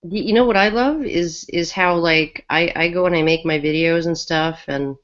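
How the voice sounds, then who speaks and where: Podcast co-host, woman with a lowish voice, rambling and casual, muffled lo-fi audio. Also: normal speed. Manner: chatty, many restarts and fillers. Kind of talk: casual panel chat.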